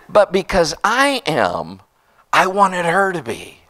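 A man preaching a sermon as pastor, telling stories with lively call-outs to the congregation. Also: high voice, slow. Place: church.

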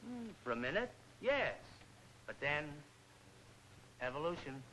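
Fancy-talking pal playing along, swoopy bright voice, old movie comedy. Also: male voice, on the high side, big pitch swings, unhurried, a little hiss or hum, full character voice, poor audio. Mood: humoring. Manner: florid, mock-formal phrasing. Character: wordy, mock-learned male pal humoring a fool. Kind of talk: 1940s film comedy acting.

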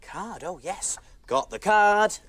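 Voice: mid-range voice, animated, slow, fairly bright tone, a little hiss or hum. A big jolly cook. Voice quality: exaggerated, bouncy, playful. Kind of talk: children's TV presenting.

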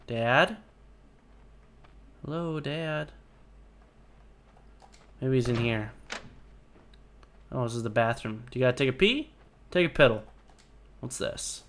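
A man giving live gameplay commentary, jokey and excitable, swearing often. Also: mid-range voice, slow pace, long pauses. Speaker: gaming video host.

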